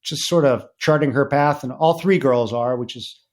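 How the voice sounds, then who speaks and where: A middle-aged man, a podcast guest, telling family anecdotes in a casual interview, animated and full of fillers. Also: normal speed. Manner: animated anecdotes with many fillers, rising pitch when excited.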